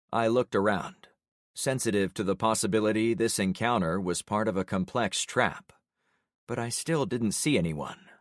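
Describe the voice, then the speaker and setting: A man narrating a first-person audiobook in a measured storytelling way. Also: on the low side, no room sound, clean studio sound.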